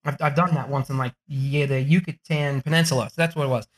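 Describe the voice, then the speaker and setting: A man's voice: medium pitch, steady tone, quick pace. A man coaching authors on the business behind their books, telling stories with lots of swearing and acting out the people he quotes. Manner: swears freely, acts out quoted people in a raised voice. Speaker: book business coach speaking to a group. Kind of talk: animated, profane storytelling talk.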